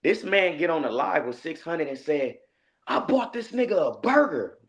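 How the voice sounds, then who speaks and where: A man telling a story in a casual interview, animated and acting out the lines he quotes. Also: fairly high pitch, moderate pace. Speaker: guest, rapper.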